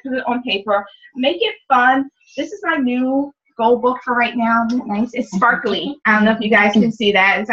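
A woman's voice: on the high side, a bit bright, dull audio. A woman leading a sales team meeting, talking candidly about goals with upbeat, emotional energy and casual swearing. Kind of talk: motivational team meeting talk.

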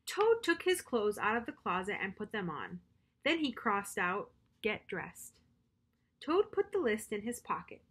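A woman's voice: medium pitch, sing-song, normal speed, a bit bright, husky. A woman reading a bedtime story to children as their storyteller, friendly and speaking directly to her young listeners.

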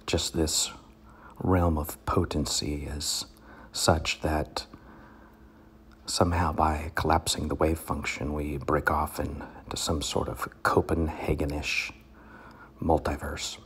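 A man's voice: rumbling low, flat delivery, slow pace, pauses often, a bit bright, breathy edge. A man giving a comedic poetry reading, mock-pompous and rambling, often dropping into whispers.

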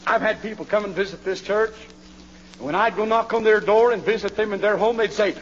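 A male preacher delivering a fiery revival sermon in a church, swinging from hushed pleading to hollering. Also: high-pitched, fairly quick, a little hiss or hum. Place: church sanctuary. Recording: dull, reverberant old church recording.

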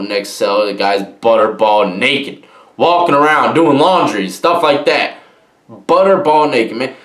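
A man's voice: mid-range voice, a bit bright. Casual man, echoey room. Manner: conversational, rambling, slangy, with "man" and "you know". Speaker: channel host telling prison stories. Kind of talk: casual storytelling monologue.

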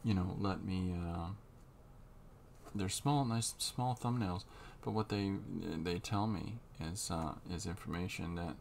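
Deep-voiced guy with a gravelly edge, rambling slowly through his drawing steps, faint hiss behind. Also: a little mellow. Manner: unhurried, halting, muses as he works. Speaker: comic artist drawing on camera. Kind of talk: thinking-aloud drawing tutorial.

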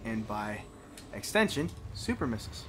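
Bright, lively young man swearing at a game. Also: on the low side, moderate pace, a little hiss or hum. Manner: swears a lot, laughs and yelps at the game. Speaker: let's play host. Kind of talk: casual gameplay commentary.

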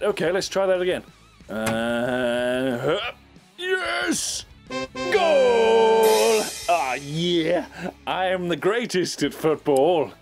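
A man giving excitable let's-play commentary, squealing and laughing as he plays. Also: high-pitched. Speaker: gaming YouTuber.

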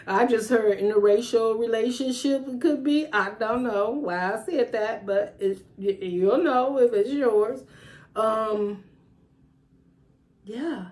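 A woman's voice: on the high side, takes it slowly, a little mellow. Woman giving a rambling tarot reading. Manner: rambling, intuitive, thinks aloud with fillers. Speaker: tarot reader. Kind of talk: casual spiritual reading.

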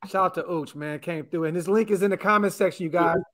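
Brief: male stream host, high and sharp-toned, excitable, laid-back chat. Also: quick pace. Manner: excitable, laughing, calls people bro. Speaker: podcast host. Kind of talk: casual late-night live stream chat.

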